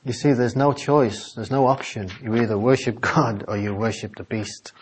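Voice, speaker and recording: A man preaching a Bible-study sermon in a small office meeting room. He reads scripture aloud and builds to fervent, loud exclamations. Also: mid-range voice, normal speed, slight background noise, low-quality recording.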